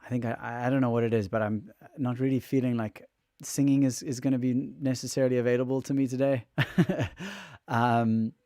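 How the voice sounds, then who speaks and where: A weary man talks to viewers on a livestream, his throat sounding raw from fatigue. He is open and emotional, and he rambles and restarts as he thinks aloud. His voice sits at an ordinary middle pitch, recorded close in a dry room. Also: steady tone, fairly quick, warm tone, no echo. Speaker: livestreamer and musician. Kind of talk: casual livestream chat.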